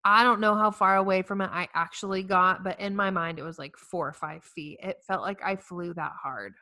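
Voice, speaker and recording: A woman's voice: fairly low pitch, normal speed, dry recording. Earnest woman in her forties. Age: 40s. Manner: earnest, animated storyteller with self-mocking humor. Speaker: speaker addressing women facing infertility. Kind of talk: heartfelt inspirational talk.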